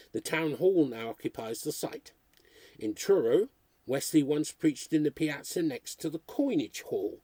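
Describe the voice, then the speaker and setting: A man with a husky voice reading a history book aloud, steadily working through dates and places. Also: on the high side, mellow, no echo. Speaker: reader.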